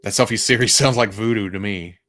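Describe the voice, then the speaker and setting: A man with a Southern US accent hosts a live show and talks loosely with his chat. His voice sits on the low side. He rambles and chuckles often, poking fun at himself. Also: brisk, a bit bright. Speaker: podcast host. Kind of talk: casual livestream chat with viewers.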